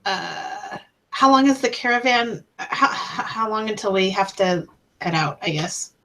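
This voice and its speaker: A woman's voice: medium pitch, lively intonation, unhurried, bright, forceful tone, slight background noise. A woman playing a tabletop game, talking hesitantly with many fillers. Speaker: player.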